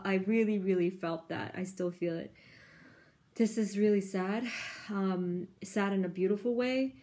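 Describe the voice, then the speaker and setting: A woman giving a pick-a-card tarot reading in a gentle, soft-spoken, effusive manner. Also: medium pitch. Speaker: tarot reader.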